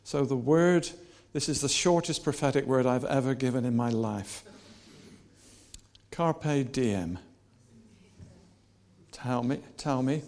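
A male preacher giving a lively, animated sermon, swinging between soft, personal asides and repeated, shouted rallying cries. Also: medium pitch, slow, pauses often. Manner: animated, shouting and laughing with the crowd.

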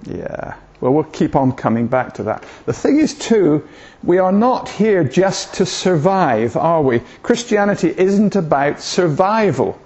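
A man's voice: fairly high pitch, sing-song, unhurried, darkish tone, slightly rough. An older man, giving an informal sermon in a rambling, hesitant way with self-deprecating humour. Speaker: preacher. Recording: dull lo-fi recording.

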